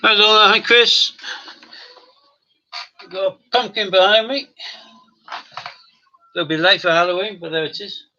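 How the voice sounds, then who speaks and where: A man's voice: high voice, steady tone, measured pace, pauses often, bright, forceful tone, soft background music. A man hosting a live stream from home, chatting jokily with viewers and his dog. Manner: chatty, jokey, talks to his dog and chat. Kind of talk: casual chat with live chat viewers. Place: home room. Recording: dull lo-fi stream audio.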